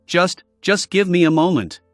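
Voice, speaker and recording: A man reading a tense, self-critical young man in an audiobook, in a flat, subdued delivery. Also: sits high, normal speed, no echo, faint music behind. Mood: strained.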